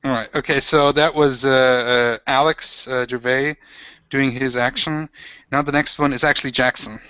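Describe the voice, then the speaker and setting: A man acts as game master for a tabletop role-playing game, talking the players through the rules with lots of fillers and restarts. His voice is bright and crisp. The recording is dry, dull and lo-fi. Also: medium pitch, fairly even intonation, no room sound. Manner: halting, filler-heavy explaining.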